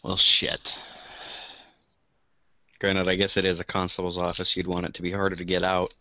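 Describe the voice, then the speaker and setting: A man's voice: low-pitched, monotone, moderate pace, sharp tone, lo-fi sound. A man playing a tabletop game, talking casually and thinking aloud with hesitations. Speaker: player.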